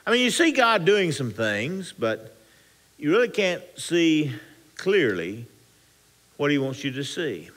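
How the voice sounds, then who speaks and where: A man preaching a sermon as pastor, with animated, rising and falling emphasis and frequent restarts. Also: fairly high pitch, slow pace.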